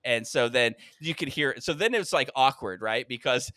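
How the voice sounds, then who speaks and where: A male podcast co-host telling a story in casual chat, animated, acting out other people's lines and laughing often. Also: medium pitch, moderate pace, clean tone, no room sound, studio quality. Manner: animated, acts out quoted voices, laughs often.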